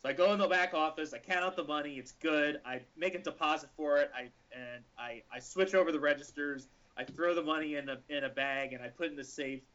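Man in his own voice, animated storyteller, bright and forceful tone, slightly higher pitch, muffled lo-fi sound. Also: fairly quick, few pauses. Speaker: podcast co-host telling a story. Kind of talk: casual storytelling chat. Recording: lo-fi podcast audio.

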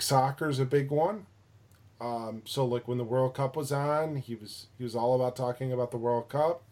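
A man's voice: medium pitch, dark tone. Rambling man telling a story. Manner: rambling with many fillers and restarts, profane. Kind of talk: casual chat, storytelling.

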